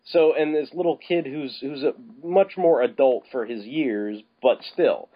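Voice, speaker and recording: Man, podcast co-host, casual rambling film chat, mid pitch, muffled lo-fi sound. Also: unhurried, slightly rough. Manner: rambling, with many restarts and casual swearing. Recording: slightly dull, lo-fi podcast audio.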